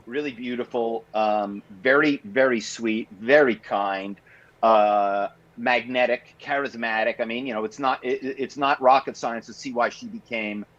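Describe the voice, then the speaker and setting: A man being interviewed about his book, with a mid-range voice. He tells his stories in an animated way, full of "you know" and "um." The audio is dull and lo-fi. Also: medium pitch, measured pace. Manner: animated storyteller, many fillers. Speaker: author and guest. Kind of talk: podcast interview.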